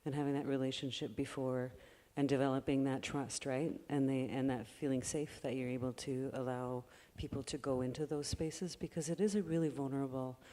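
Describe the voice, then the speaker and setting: Mellow-voiced filmmaker man in a hall. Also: mid-range voice, fairly even intonation, a little fast, hardly any pauses. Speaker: filmmaker on a panel. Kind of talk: casual panel discussion. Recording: long hall reverb.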